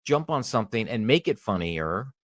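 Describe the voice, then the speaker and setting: A man's voice: lowish voice, big pitch swings, normal speed, no echo, clean studio sound. A man hosting a podcast, ranting in casual chat with lots of restarts and swearing. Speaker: podcast host.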